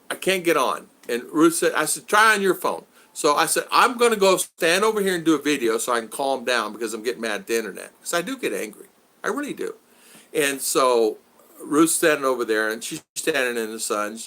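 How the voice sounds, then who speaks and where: A man chatting casually on a livestream from outdoors, rambling and animated as he greets viewers by name. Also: on the high side. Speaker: vlogger reading live chat. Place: outdoors in the Philippines.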